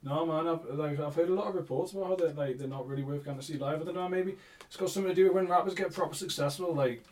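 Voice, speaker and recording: Fast-talking man musing about music. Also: fairly high pitch, darkish tone. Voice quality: rapid, musing, says "man" and "like" a lot. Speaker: guest picking songs. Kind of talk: casual chat.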